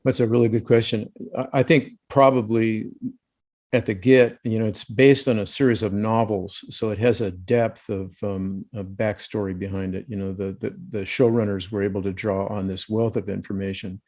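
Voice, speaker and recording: A man's voice: on the low side, fairly even intonation, normal speed, darkish tone. A male actor talking casually in an interview over a video call, thoughtful and chatty with frequent "you know" fillers. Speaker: actor guest.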